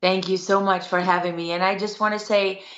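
Woman, guest journalist, earnest, insistent, mid-pitched voice, dull lo-fi sound. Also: little pitch movement, brisk, fairly bright tone. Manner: earnest and insistent, building her case step by step. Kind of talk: interview answers.

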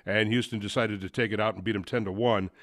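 Low-voiced male sports talk host. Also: steady tone, quick pace, fairly bright tone, dry recording, clean studio sound. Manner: rambling, conversational, many fillers and restarts.

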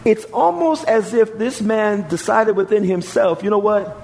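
A man's voice: high voice, normal speed, creaky, a little mellow, slight background noise, rough recording. A man preaching a sermon as pastor, repeating phrases and swinging his emphasis up and down.

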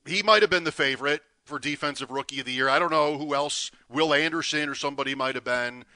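Male co-host, bright voice, dry mic, teasing sports betting chat. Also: a little high, fast, no echo. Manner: builds suspense, teasing.

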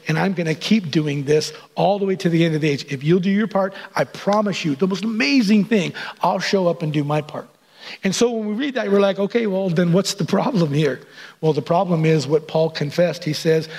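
A male pastor delivering a sermon in an earnest, conversational way. His voice sits a bit high and carries a gravelly, husky texture. He slips into little acted-out quotes as he talks. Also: darkish tone.

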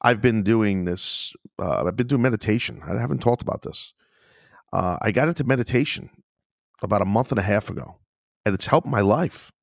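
A man's voice: lowish voice, normal speed, vocal fry, no room sound, clean studio sound. A man hosting his own podcast, talking in a frustrated, agitated way, swearing and sighing often. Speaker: podcast host. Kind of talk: casual solo podcast rant.

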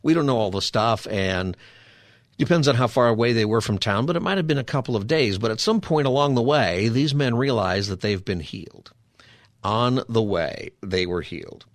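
A man of middle pitch walks through scripture in a relaxed, conversational teaching style, often pausing to check in with listeners through quick rhetorical asides. His voice is captured up close and dry, with almost no room sound around it. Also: no room sound. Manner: chatty, asks rhetorical 'right?' and 'you know?' asides. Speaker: radio show host teaching scripture.

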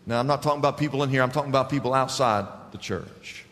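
A man's voice: medium pitch, quick pace, hardly any pauses, fairly bright tone. A man preaching a sermon in a church, emphatic and calling for responses from the congregation, stretching out key words. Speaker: pastor. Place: church sanctuary. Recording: church hall reverb.

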